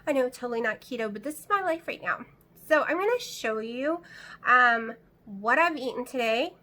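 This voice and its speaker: A woman's voice: a little high, expressive, moderate pace, pushed and bright. A middle-aged woman vlogging from home, talking in a rambling, anxious, chatty way. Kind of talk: casual chat to camera. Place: at home, indoors.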